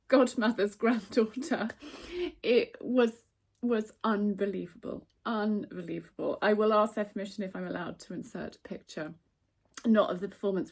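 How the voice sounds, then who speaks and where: A woman chatting warmly in a casual vlog, emotional at times. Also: mid-range voice, creaky. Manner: chatty and emotional, fast asides. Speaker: vlogger. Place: stable yard and home, indoors and out.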